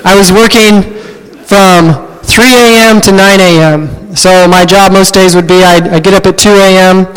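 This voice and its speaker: A young man from Ohio telling a personal story to a live audience, animated and self-deprecating. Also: high-pitched, unhurried, clear, resonant tone. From Ohio, USA. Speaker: speaker giving a personal testimony. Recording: long hall reverb.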